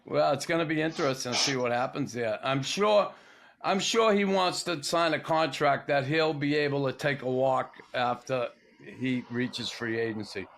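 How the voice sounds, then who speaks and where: A man's voice: medium pitch, normal speed, vocal fry, a bit bright. A man hosting a podcast, talking hockey in a laid-back, agreeable casual chat. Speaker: podcast host.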